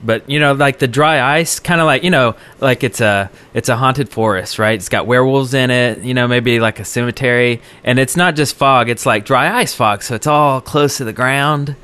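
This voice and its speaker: A man's voice: mid-range voice, normal speed, hardly any pauses, bright, forceful tone, smooth. A man co-hosting a casual gaming podcast, rambling loosely with lots of fillers and frequent laughter. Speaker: podcast co-host.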